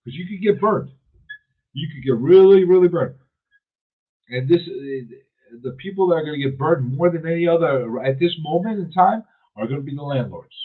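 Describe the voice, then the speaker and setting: A man with a husky, slightly high voice hosts a talk radio show, speaking in an emphatic, opinionated monologue. He often repeats words and restarts his sentences as he drives his points home. The sound is thin and tinny, like a phone line. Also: animated, moderate pace. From New York City.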